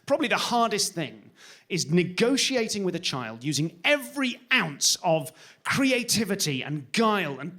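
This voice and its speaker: A man's voice: high voice, a bit bright. A man doing a stand-up routine, ranting with escalating exasperation. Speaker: stand-up comedian. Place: comedy stage.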